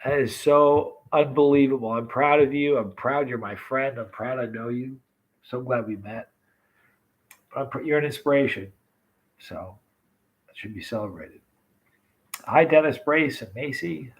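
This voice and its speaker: A man's voice: mid-range voice, a little slow, pauses often, muffled recording. A man with a stuffed-up, congested nose, hosting a casual livestream chat and greeting viewers by name with rambling asides. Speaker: livestream host.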